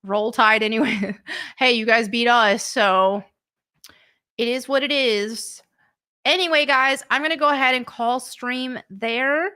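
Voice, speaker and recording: A woman's voice: on the high side, a little slow, bright, forceful tone, clear, resonant tone. A woman hosting a live stream, chatting casually and laughing often.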